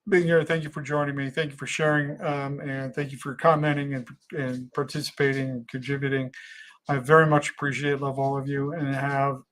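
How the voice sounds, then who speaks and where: A man hosting a casual livestream, reading viewer comments aloud and talking in an earnest, halting way with frequent restarts. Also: medium pitch, flat delivery, fairly bright tone, slight background noise. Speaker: livestream host.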